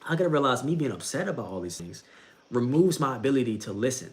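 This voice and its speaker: A man's voice: mid-range voice, very animated, fast talker. A young man giving a casual talk about faith, repeating himself a lot and calling the listener bro. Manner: repetitive, conversational, says bro a lot, laughs at own jokes. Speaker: bible reading streamer.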